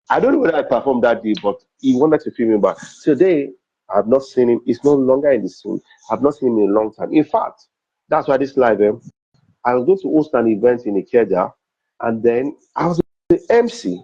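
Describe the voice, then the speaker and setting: A middle-aged Nigerian man with a husky, mellow voice tells personal stories in an interview. He acts out the quoted dialogue and repeats his lines for emphasis, like the comedian and MC he is. The recording sounds dull and a little lo-fi. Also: mid-range voice.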